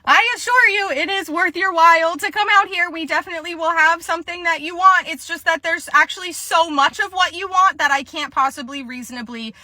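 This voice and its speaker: A woman's voice: very high voice, brisk, hardly any pauses, sharp tone, no echo, pitched above the performer's own voice, full character voice. A woman playing a young woman store manager who answers a rude caller nervously and apologetically, with many fillers, in a comedy skit. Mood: flustered. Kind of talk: comedy skit role-play.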